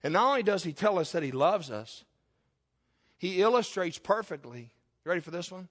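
A middle-aged pastor preaches a fervent sermon, throwing questions and appeals out to his congregation with impassioned rhetoric. His voice is high and brisk, with big swings in pitch.

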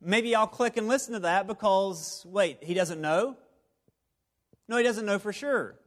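High-voiced man preaching playfully. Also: unhurried, a bit bright. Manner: playful, repetitive, conversational preaching. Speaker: pastor. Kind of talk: sermon. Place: church service before a live congregation.

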